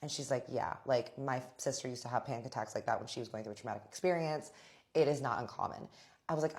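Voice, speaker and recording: A young woman tells a personal story straight to her viewers. Her voice sits very low for a woman. She is chatty and animated, and she acts out what others said without changing her voice much. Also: fast talker. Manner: animated, acts out quoted friends in her own voice, frequent "like". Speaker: storytime vlogger. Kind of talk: casual storytelling.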